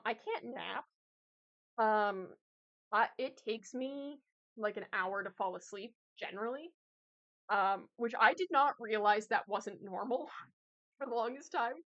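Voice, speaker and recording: A woman's voice: medium pitch, fairly bright tone. A young woman streamer chatting casually with her viewers, rambling with lots of fillers and laughs. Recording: slightly dull lo-fi audio.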